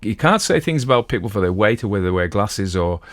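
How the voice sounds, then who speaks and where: Man, middle-aged, low voice, dry close sound, rambling casual chat, podcast host at home. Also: animated, fast talker, no echo. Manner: rambling, digressive, chatty. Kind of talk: casual talk on classic literature.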